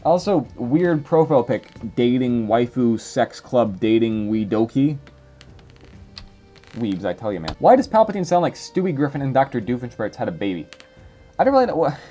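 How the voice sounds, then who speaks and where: A man's voice: medium pitch, big pitch swings, moderate pace, warm tone, faint music behind. A young man in his twenties reading viewer comments in casual, rambling chat, full of fillers. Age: 20s. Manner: rambling, filler-heavy, chatty.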